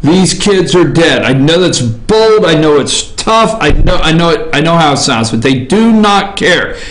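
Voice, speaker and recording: A man's voice: on the high side, sing-song, measured pace, a bit bright. A man hosting an opinion talk show from an office, rambling, repeating himself and tagging his points with "okay?". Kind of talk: opinion commentary. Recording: echoey room.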